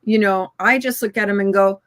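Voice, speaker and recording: A woman, an actor guest on an interview show, explaining her approach in a measured way. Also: medium pitch, steady tone, a bit bright. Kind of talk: casual chat.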